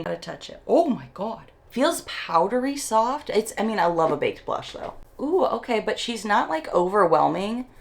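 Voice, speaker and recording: Gravelly-voiced woman beauty vlogger. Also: mid-range voice. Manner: chatty, excitable, reads labels aloud. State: morning voice. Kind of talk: casual unboxing chat.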